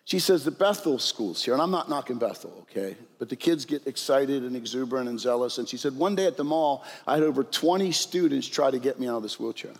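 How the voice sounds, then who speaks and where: Gravelly older man preaching in a hall. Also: mid-range voice, animated, quick pace, hardly any pauses. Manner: conversational, frequent "right?" and "okay?" asides. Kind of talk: sermon storytelling.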